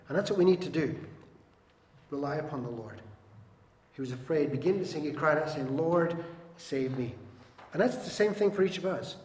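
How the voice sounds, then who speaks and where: A man preaching a sermon as pastor, animated, acting out quoted voices and swinging between loud and soft. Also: fairly high pitch, roomy sound, big-room sound, a little hiss or hum.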